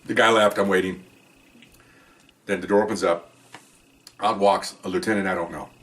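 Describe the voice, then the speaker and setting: A man's voice: deep voice, steady tone, moderate pace, a bit bright, distant mic. A man, a former police officer, telling a story from his career in a casual first-person way, acting out the dialogue and swearing offhand. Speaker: retired police officer telling stories on a podcast.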